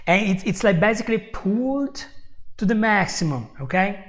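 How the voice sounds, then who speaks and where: A man's voice: sits high, animated, normal speed. A man teaching a live online English lesson, explaining patiently and checking in with "okay?" after almost every point, often laughing and answering viewers by name. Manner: addresses viewers' chat comments by name.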